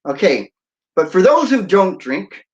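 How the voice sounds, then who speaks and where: A man's voice: sits high, animated, measured pace, highs cut off. Jokey male DJ hosting a livestream. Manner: jokey, playful, breaks into sung snippets and laughs. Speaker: radio DJ and livestream host. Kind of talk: casual livestream chat.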